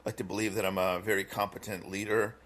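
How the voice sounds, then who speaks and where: Man, low pitch, earnest podcast co-host, rambling personal stories with lots of ums. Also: level tone, fast, a bit bright. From Minnesota. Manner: earnest storytelling, many fillers and restarts. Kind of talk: casual podcast chat.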